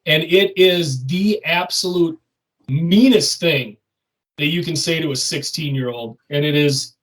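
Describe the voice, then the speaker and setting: A man's voice: on the high side, a little slow, fairly bright tone, recorded from a distance, poor audio. A man co-hosting a podcast, chatting casually and often agreeing. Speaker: podcast co-host. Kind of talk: casual chat.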